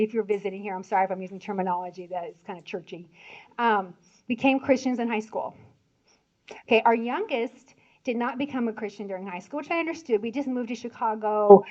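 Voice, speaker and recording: A woman in her sixties from Indiana giving a chatty, animated church talk with laughing asides. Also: a little high. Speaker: church speaker. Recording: dull lo-fi sound.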